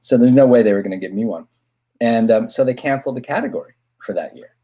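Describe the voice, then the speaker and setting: Husky man telling a lively anecdote. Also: mid-range voice, fairly quick. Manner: animated anecdote teller, acts out quoted voices. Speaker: guest film director. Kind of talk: casual podcast storytelling.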